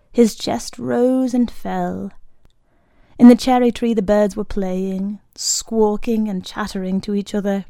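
A woman reading a story aloud as narrator, in a calm, measured way. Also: mid-range voice, no echo, clean studio sound.

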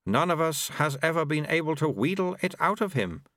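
A man voicing a small babbling toddler abbot who talks in high baby talk, in an audiobook. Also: very animated, a little fast, fairly bright tone, no echo, clean studio sound. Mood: babbling, serene. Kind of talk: audiobook character voice.

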